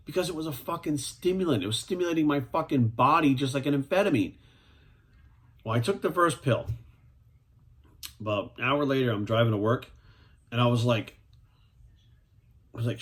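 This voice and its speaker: Forties male coach, blunt and profane, hammers his points home. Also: mid-range voice. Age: 40s. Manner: profane, emphatic, repeats "right?". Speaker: fitness coach. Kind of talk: blunt vlog rant.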